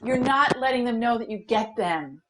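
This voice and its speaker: A woman with a fairly high voice leads a group training session, talking in an animated, conversational way. A faint hiss of noise sits behind her. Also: moderate pace. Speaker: diversity trainer. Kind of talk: workshop facilitation.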